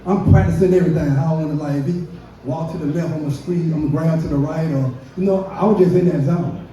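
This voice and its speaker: A man's voice: fairly high pitch, fast, warm tone. A man doing a profane stand-up comedy set, telling a work story and acting out the quotes. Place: brewery comedy stage. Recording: dull, echoey room from a distance.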